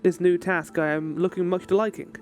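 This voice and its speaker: A man voicing a gruff, dutiful flea strongman who speaks in clipped, broken phrases. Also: high voice, level tone, a little fast, darkish tone, faint music behind, close to an everyday voice. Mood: solemn.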